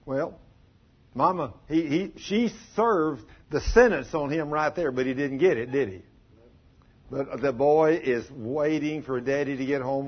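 A man's voice: medium pitch, husky, lo-fi sound. A man preaching a folksy sermon, full of stories and questions put to the congregation. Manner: folksy, plain-spoken, asks the audience questions.

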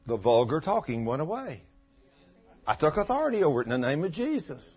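A man's voice: fairly high pitch, sing-song, fairly quick, breathy edge. A man preaching in a folksy sermon, telling a testimony and rising to fervent outbursts. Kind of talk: sermon storytelling. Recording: dull lo-fi recording.

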